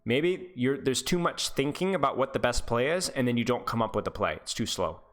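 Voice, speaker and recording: A man's voice: medium pitch, lively intonation, brisk, a bit bright. A man coaching a player over voice chat, encouraging and repetitive, telling stories to make his point. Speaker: esports coach.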